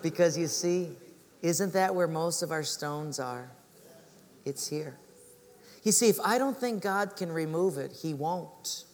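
A pastor with a fairly high voice delivers a sermon, slipping into the voices of the people in his stories. The hall rings with long reverb behind him. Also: animated, a little slow.

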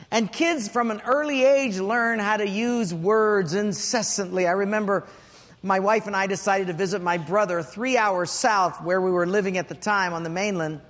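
A man preaching a sermon as pastor, telling stories in an animated, humorous way. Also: sits high, long reverb tail.

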